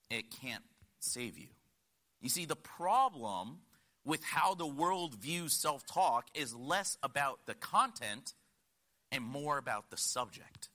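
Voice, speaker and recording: Bright-voiced earnest male preacher. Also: mid-range voice. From United States (Connecticut). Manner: earnest storytelling, rising to emphatic points, dropping to quiet asides. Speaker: guest preacher. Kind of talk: sermon.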